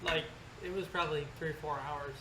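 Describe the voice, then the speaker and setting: A man calmly recounting a travel delay in casual podcast chat, matter-of-fact. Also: on the high side, brisk, background noise. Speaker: podcast co-host.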